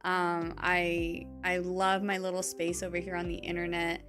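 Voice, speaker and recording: A woman's voice: fairly low pitch, monotone, normal speed, music in the background. A woman game streamer talking to her chat in a casual, gushing and emotional way.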